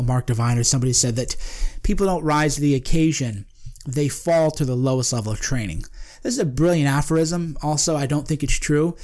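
A man's voice: on the high side, a little mellow. A man hosting a podcast, talking in a casual, emphatic monologue that often breaks off and repeats phrases. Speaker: podcast host.

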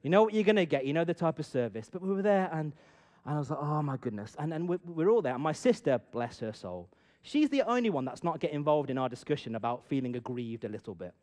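A middle-aged man telling a personal story to an audience and drawing a lesson from it, swinging from loud bursts to hushed asides. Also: a little high, animated, fast, hardly any pauses. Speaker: speaker addressing an audience. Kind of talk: storytelling talk with a moral.

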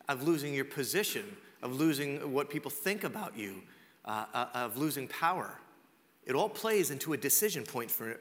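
Male pastor, high and lively, conversational sermon, long hall reverb. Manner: animated storytelling, conversational, asks rhetorical questions.

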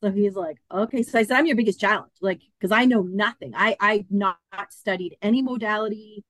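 A woman in her fifties, appearing as a podcast guest, tells a personal story in an interview, animatedly acting out its dialogue. Her voice is medium-pitched and a little fast, and the recording is dry.

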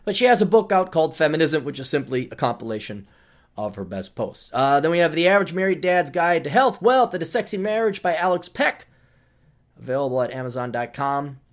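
A man's voice: a little high, big pitch swings, brisk. A man hosting a casual podcast monologue, talking in a sarcastic, ranting way. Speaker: podcast host.

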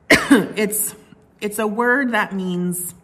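A woman's voice: mid-range voice, very slow, fairly bright tone. A woman preaching a sermon in a conversational way, with frequent fillers and restarts. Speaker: pastor.

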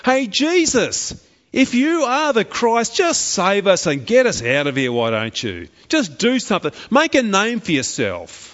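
A man's voice: sits high, very animated, measured pace, fairly bright tone, big-room sound, highs cut off, heavily acted. A man voicing an angry condemned criminal who taunts and rails, in a sermon retelling. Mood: angry taunting. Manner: railing, taunting. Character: condemned male criminal on a cross, angry and mocking.

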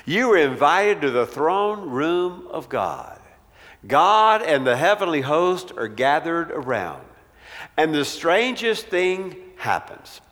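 Preacher with lively storytelling. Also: male voice, on the high side, in a large hall. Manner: conversational storytelling with acted quotes. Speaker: pastor. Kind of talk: sermon.

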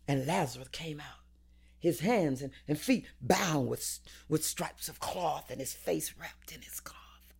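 A woman preaching a sermon in a rhythmic, repetitive cadence, swinging between hushed whispers and loud cries. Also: on the low side, creaky.

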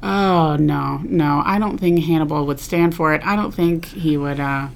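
Gravelly-voiced woman chatting casually. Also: low-pitched, a little slow. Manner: chatty, rambling with fillers. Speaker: podcast co-host. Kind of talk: casual chat.

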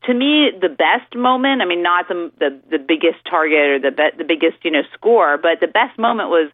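A woman's voice: lowish voice, animated, normal speed, no echo. A woman guest on a political talk radio show, talking a lot with many fillers over the phone. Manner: talkative, hesitant fillers, laughs easily. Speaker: legal commentator guest. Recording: tinny phone line.

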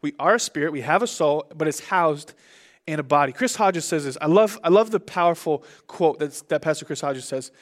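A young man preaching a sermon as pastor, in an animated, conversational way with big swings in his voice. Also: a little high, fairly quick.

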